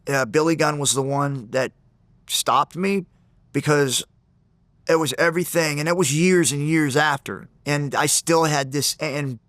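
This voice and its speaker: A man being interviewed, retelling an old grudge in an intense, animated way with many restarts. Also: on the high side, no room sound. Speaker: interview guest, former fighter. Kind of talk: storytelling in a sit-down interview.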